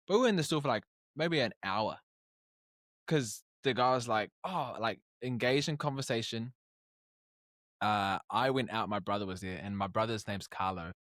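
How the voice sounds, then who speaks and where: A young man from New Zealand, appearing as a podcast guest, chats in a relaxed storytelling style, bringing his tales to life by performing the dialogue of each person. His voice leans low, and the studio-quality recording is dry.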